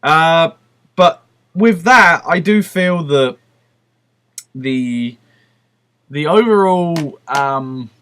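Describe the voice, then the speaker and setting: A man's voice: fairly high pitch, lively intonation, very slow, pauses often, fairly bright tone, clear, resonant tone. Man rambling through a casual game review. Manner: rambling and profane, with frequent restarts and fillers; enthusiastic, laughs often.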